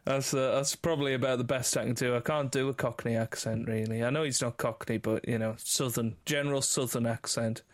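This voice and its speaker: A man's voice: mid-range voice, steady tone, a little fast, few pauses, slight background noise. Self-deprecating laughing male co-host. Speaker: podcast co-host. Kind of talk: casual chat.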